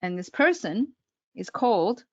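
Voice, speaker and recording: A woman's voice: medium pitch, big pitch swings, a little slow, no room sound, lo-fi sound. A woman public speaking coach presenting an online workshop, talking straight to her audience with frequent check-ins.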